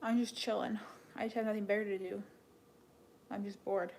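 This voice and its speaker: A woman's voice: medium pitch, little pitch movement, moderate pace, a little mellow, slight background noise. A young woman chatting casually on a livestream, thanking donors and joking with a dry, sarcastic edge. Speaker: live streamer. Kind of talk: casual livestream chat reading donations.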